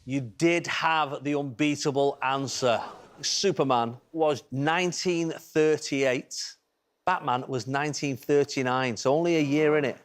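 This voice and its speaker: A man's voice: mid-range voice, fairly even intonation, unhurried. A man hosting a TV quiz show in a studio, chatty and teasing with the contestants. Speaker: game show host. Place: TV studio with audience.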